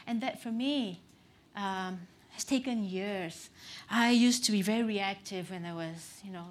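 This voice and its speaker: A woman's voice: medium pitch, unhurried. A middle-aged woman pastor giving a conversational sermon, candid and self-deprecating, with frequent "um" and "you know.".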